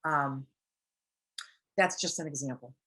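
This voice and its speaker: A woman's voice: very deep voice, slow, bright, forceful tone, breathy edge. A woman giving a casual teaching talk on recovery, earnest and plain, acting out little example quotes as she goes. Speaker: recovery speaker.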